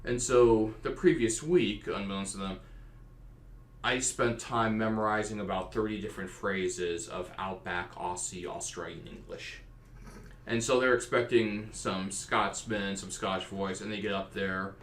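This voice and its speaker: A man with a fairly low voice tells stories from his tabletop campaigns in a relaxed, animated podcast chat. The recording is roomy and echoey, with his voice sitting in a live room. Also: measured pace. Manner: storytelling, animated. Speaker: game master and podcast host. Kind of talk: casual podcast discussion. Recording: roomy echo.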